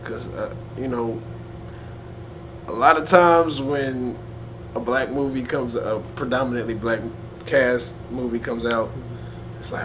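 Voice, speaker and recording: Young male rapper guest, relaxed slangy talk, middle pitch; noisy room sound. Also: unhurried, pauses often. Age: young adult. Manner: laid-back, slangy, many fillers. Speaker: hip hop artist, guest. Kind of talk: casual interview chat.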